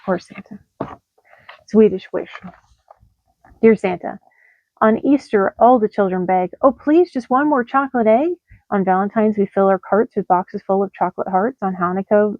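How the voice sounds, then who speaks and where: A woman reading rhyming holiday letters aloud in a lively sing-song delivery. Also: medium pitch, moderate pace, no echo, phone-quality sound. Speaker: storyteller.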